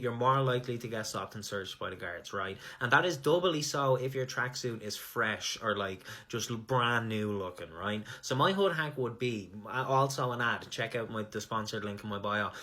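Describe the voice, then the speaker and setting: A young Irish man giving mock-serious comic advice in a deadpan monologue, swearing casually. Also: mid-range voice. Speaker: comedy sketch creator.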